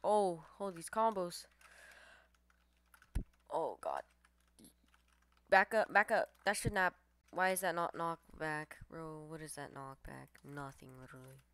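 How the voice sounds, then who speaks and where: A woman giving live gameplay commentary, excitable, swearing and trash-talking her opponents. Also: sits low, unhurried, long pauses, clear, resonant tone, no room sound. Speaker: gamer streamer.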